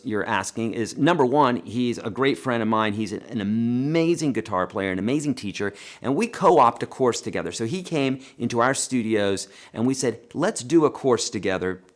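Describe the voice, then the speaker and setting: A man hosting a live guitar lesson and Q&A, chatty and animated, talking to viewers as friends and reading their questions aloud. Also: medium pitch, moderate pace. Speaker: guitar teacher hosting a livestream.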